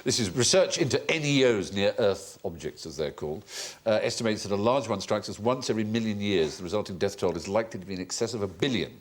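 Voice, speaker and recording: A man's voice: fairly low pitch, lively intonation, fast talker. A man hosting a comedy quiz show, explaining facts in a genial, articulate way. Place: TV studio.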